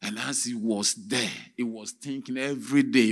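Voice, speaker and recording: A man preaching as a theatrical storyteller, with sudden shouts and sound effects. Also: mid-range voice, steady tone, moderate pace, few pauses. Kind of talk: dramatic sermon storytelling.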